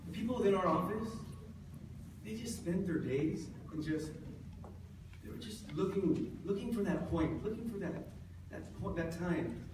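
A man with a notably high voice presents at a conference, joking and drawing the audience in. He is heard from a distance in a large hall with heavy echo. A faint noise sits underneath. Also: animated, moderate pace. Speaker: chief appraiser presenting.

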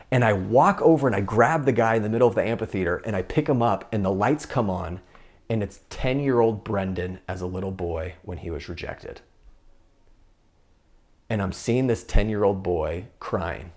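A man's voice: fairly low pitch, normal speed, a little mellow. A young man giving an earnest faith talk, coaching viewers through an exercise and acting out inner voices. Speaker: Catholic speaker.

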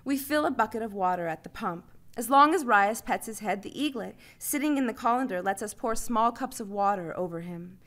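A woman reading her short story aloud in lively, expressive narration. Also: medium pitch, fairly quick, few pauses.

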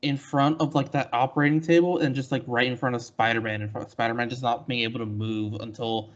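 A man's voice: medium pitch, fairly even intonation, fast talker. A man co-hosting a casual comic review podcast, rambling with many likes and restarts, on a muffled, crackly mic. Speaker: podcast co-host.

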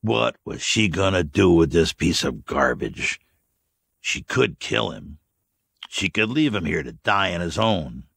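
A man narrating an audiobook story in a steady, even storytelling manner. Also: sits low, measured pace, gravelly, husky, no echo.

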